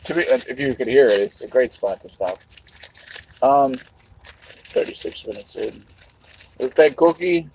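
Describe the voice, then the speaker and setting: A man's voice: mid-range voice, lively intonation, brisk, few pauses, darkish tone, a little hiss or hum, rough recording. A man hosting a live stream, rambling to his chat while eating, swearing casually as he goes. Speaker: livestream host.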